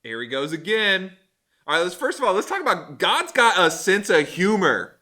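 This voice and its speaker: A man giving a casual Bible lesson as a youth pastor, animated and joking, with lots of fillers. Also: sits high, moderate pace.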